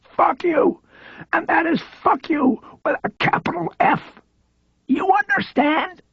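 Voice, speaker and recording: A man voicing a paralyzed former cop who speaks in a strained, raspy voice. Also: extremely high pitch, slow pace, no room sound, muffled recording, voice pushed up, heavily acted. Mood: defiant.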